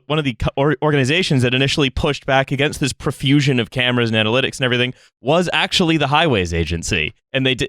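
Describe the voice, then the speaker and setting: A man hosting a podcast, speaking in a halting way with stammering starts. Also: mid-range voice, a bit bright, no echo. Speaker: podcast host. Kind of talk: casual chat.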